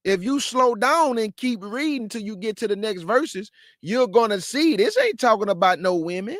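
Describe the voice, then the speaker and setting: Very high-voiced man teaching scripture. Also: sing-song, moderate pace, a bit bright, dry recording, studio quality. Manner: conversational, rhetorical questions, slangy. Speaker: host and Bible teacher.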